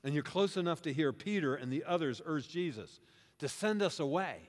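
A man's voice: on the high side, fairly quick. A male pastor preaching a sermon to his congregation, retelling a scripture story as if the listeners were there and asking them questions. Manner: animated storytelling, first-person plural, questions to the congregation. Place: church sanctuary. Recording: reverberant hall.

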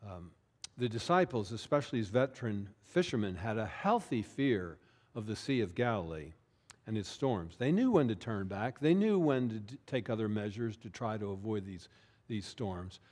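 A man gives a sermon as pastor with a lower, darkish voice that is very animated. He talks conversationally, often checks in with his audience, and slows his delivery to stress key words.

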